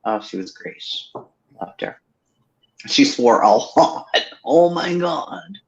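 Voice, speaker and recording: A woman's voice: a bass voice, animated, takes it slowly, a little mellow. A woman hosting a livestream chat, swearing freely and laughing as she tells family stories over a video call. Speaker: livestream host. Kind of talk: casual chat. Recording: dull lo-fi stream audio.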